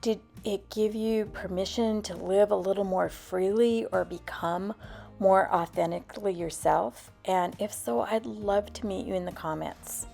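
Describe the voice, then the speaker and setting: Gravelly-voiced woman in her seventies. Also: mid-range voice, fairly even intonation, unhurried, warm tone, faint music behind. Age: 70s. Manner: candid, reflective, conversational. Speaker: lifestyle vlogger. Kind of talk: casual personal vlog talk.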